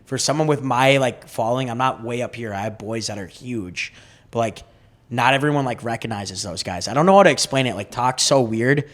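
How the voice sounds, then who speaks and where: A man's voice: medium pitch, brisk. Laid-back young man, swearing guest. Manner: laid-back, swears often, laughs a lot. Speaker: podcast guest. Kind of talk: casual chat.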